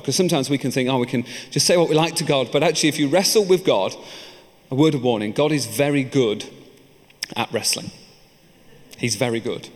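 A man preaching a sermon in a church, earnest and personal, telling his own story between points. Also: mid-range voice. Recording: echoey church hall.

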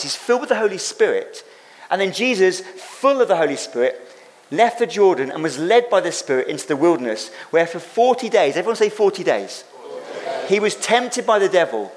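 A man preaching a sermon as pastor, speaking emphatically, repeating phrases for effect and acting out quoted lines. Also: fairly high pitch.

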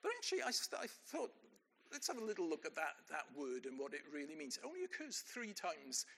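An older male preacher with a high voice that rises and falls a great deal. He keeps the sermon conversational, asking his listeners questions and answering them himself, and his tone stays bright and ringing. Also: wildly swooping pitch, a little fast, creaky. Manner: conversational, asks the congregation rhetorical questions.

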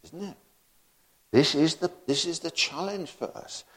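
A man's voice: fairly high pitch, unhurried, fairly bright tone. A man preaching a sermon, full of rhetorical questions and laughing asides.

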